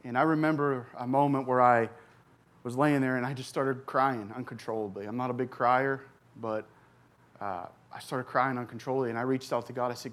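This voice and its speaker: A man in his forties, a recovery pastor, telling his personal story from a church stage, earnest and halting with many fillers and restarts. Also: mid-range voice, a bit bright. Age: 40s.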